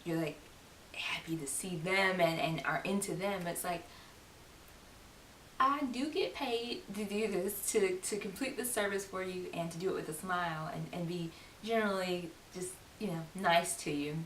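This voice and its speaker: A woman's voice: fairly low pitch, normal speed, a bit bright, reverberant. Young woman, casual vlog talk, laughing asides, distant mic, faint hiss. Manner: chatty, laughing asides, acts out quoted lines. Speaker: vlogger.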